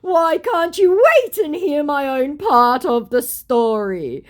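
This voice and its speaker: Woman mocking a whiny childish scammer man. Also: expressive. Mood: whining. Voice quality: high, drawn-out whine. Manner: mocking parody of the quoted speaker. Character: whiny defensive male scammer, childish and pleading.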